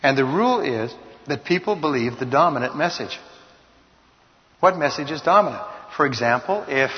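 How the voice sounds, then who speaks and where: A man giving a motivational lecture on communication, emphatic and slowing down for key points. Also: medium pitch, expressive. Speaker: speaker on communication. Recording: dull sound, long hall reverb.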